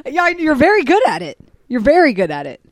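A woman's voice: high voice, wildly swooping pitch, brisk, no room sound. A woman hosting a comedy podcast, chatting casually, laughing often and acting out quotes. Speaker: podcast host.

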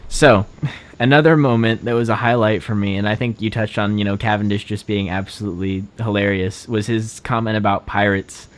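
Young male podcast co-host, lowish voice, rambling fan chat full of "like" fillers. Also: fairly even intonation, a little fast. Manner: rambling, many "like" fillers, laughs often. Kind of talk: casual chat.

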